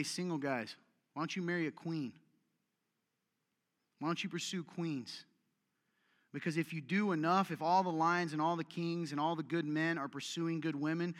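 Male preacher, exhortative and direct, fairly high pitch, long hall reverb. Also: a bit bright. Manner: exhortative, direct, repeats commands for emphasis. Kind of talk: sermon. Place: church meeting room with audience.

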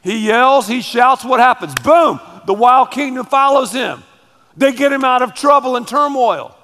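Male preacher, high voice, dramatic emphatic sermon, echoing church hall. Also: lively intonation, normal speed, a bit bright. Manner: emphatic and dramatic, calls on the audience to repeat. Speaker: pastor. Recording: long hall reverb.

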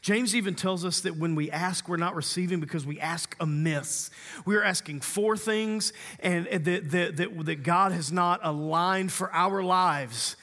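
A man's voice: high-pitched, unhurried, sharp tone, in a large hall. A man preaching a sermon as a pastor, conversational and humorous, teasing his congregation.

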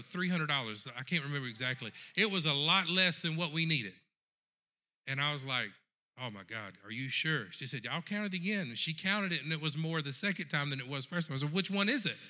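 A middle-aged man preaching a sermon, telling a story and addressing the congregation directly in an animated way. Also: fairly high pitch.

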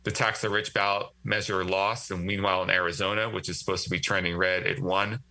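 A man's voice: deep voice, level tone, brisk, sharp tone, low-quality recording. A man speaking as a guest writer in a casual political discussion, talkative and thinking aloud with frequent restarts.

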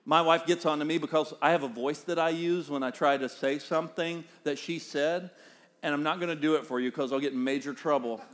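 A middle-aged man with a Southern US accent preaching a sermon as pastor, with animated swings in pitch and loudness. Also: a little fast.

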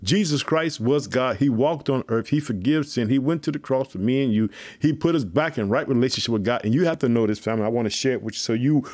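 Speaking fast and barely pausing, this man delivers a casual sermon on scripture, driving his points home emphatically and repeating himself while calling everyone "family." He has a darkish, mid-range voice, with no room sound on the recording.

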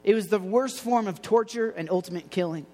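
A man preaching a casual sermon in a loose, slangy way, going soft and low on quoted lines. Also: a little fast, big-room sound, slight background noise. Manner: conversational, slangy, drops quiet for quoted lines.

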